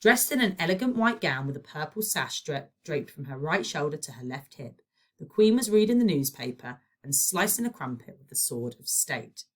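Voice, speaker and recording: A woman with a British accent, a primary school teacher, reading a children's novel aloud with expressive storytelling. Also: deep voice, moderate pace. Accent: British English.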